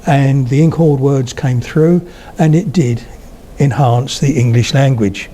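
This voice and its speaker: A man's voice: medium pitch, measured pace, dark tone, slight background noise. An older man lecturing to a live audience, telling anecdotes in a chatty way and checking in with his listeners. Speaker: lecturer on spoken English. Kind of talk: public talk to an audience. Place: talk before a live audience of about eighty.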